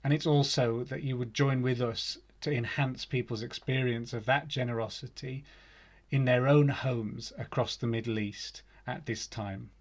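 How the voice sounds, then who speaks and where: A man delivering an earnest sermon on behalf of a charity, reading scripture in a measured way. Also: mid-range voice, fairly even intonation. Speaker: charity representative giving a sermon.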